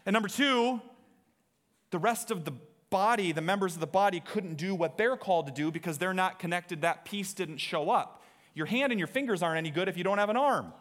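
A man's voice: sits high, brisk, fairly bright tone. A man preaching a sermon from a church stage, talking in a conversational, joking way and quizzing the congregation. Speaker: pastor.

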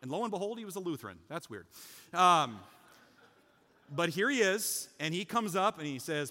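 A man preaching a sermon as pastor, talking casually with the congregation, joking and rising to loud, emphatic peaks. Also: high-pitched, sing-song, moderate pace, big-room sound. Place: church sanctuary.

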